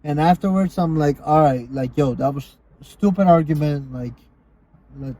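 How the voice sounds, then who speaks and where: Slightly high-voiced man, casual podcast chat. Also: normal speed, dark tone. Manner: loose, rambling storytelling with frequent swearing and laughs. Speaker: podcast co-host.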